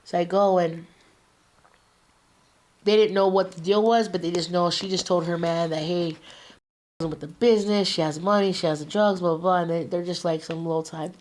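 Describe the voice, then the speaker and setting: A woman tells her story in a low, relaxed voice. She talks casually and streetwise, swearing freely as she goes. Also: moderate pace. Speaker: guest. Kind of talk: telling a personal story in an interview.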